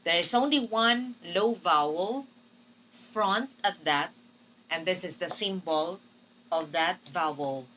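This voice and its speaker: Slow-speaking Filipino woman teaching phonetics. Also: on the low side, fairly bright tone, far from the mic, lo-fi sound, a little hiss or hum. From Philippines. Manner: drills words and repeats "Okay?" to check understanding. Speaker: English teacher. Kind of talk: recorded phonetics lecture.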